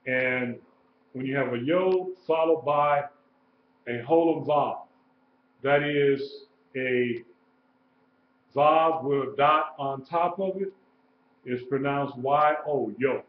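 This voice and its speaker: A man teaching a live-streamed lesson, slow and patient, repeating sounds and letters. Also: mid-range voice. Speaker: Hebrew teacher. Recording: roomy, dull live-stream audio with faint noise.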